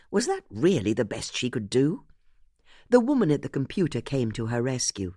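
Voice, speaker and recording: An audiobook narrator reading a mystery in an expressive way. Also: mid-range voice, moderate pace, no echo, clean studio sound.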